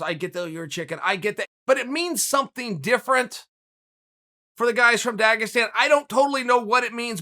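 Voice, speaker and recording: A male host with a high, bright voice talks through a story. His delivery is animated and casual, full of asides to the listener. The tone is forceful. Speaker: podcast host. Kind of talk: casual commentary monologue.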